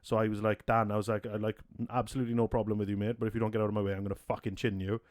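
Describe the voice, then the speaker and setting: A man's voice: lowish voice, rapid-fire, dry recording, clean studio sound. Sweary man telling a story. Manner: sweary, laughing, animated anecdote-telling. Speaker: podcast co-host. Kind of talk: casual storytelling chat.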